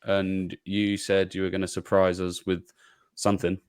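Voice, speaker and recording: A man's voice: low-pitched, completely flat delivery, normal speed, darkish tone, clear, resonant tone, no room sound, clean studio sound. A man hosting a casual football podcast, asking questions and steering the talk. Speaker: podcast host. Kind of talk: casual chat.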